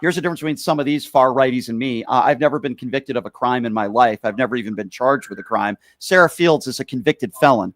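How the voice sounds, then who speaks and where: A man hosts a political call-in show at a quick clip, combative and mocking. His voice sits in a middle pitch. The sound is dry and close. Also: a bit bright, no room sound.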